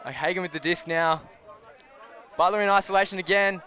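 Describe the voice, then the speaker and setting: A sports commentator with a high-pitched, sharp, steady voice calls live play-by-play from the sideline of an outdoor field, speaking a little fast. He rises sharply on big plays and jokes between points, with crowd noise and outdoor ambience behind him.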